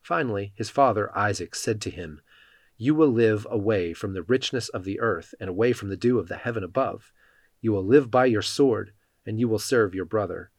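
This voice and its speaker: A man giving a measured, even reading of Bible passages, speaking the quoted lines in his own voice. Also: lowish voice, no room sound. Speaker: scripture reader.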